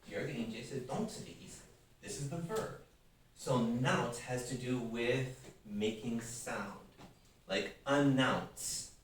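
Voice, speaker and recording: A man's voice: medium pitch, unhurried, slight background noise. Male English teacher, patient and coaxing; heard from afar in a reverberant classroom. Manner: explains patiently, prompts students to repeat. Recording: very echoey room, from far off.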